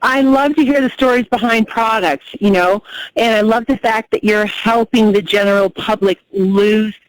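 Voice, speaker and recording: Woman, interview host, encouraging, mid pitch, dry close sound. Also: normal speed, no echo, rough recording. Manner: encouraging, frequent mm-hmms.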